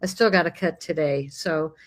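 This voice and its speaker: A lively American woman telling a story. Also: low voice, normal speed, slight background noise. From United States. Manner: lively, animated, acts out dialogue. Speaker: guest. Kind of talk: casual storytelling chat.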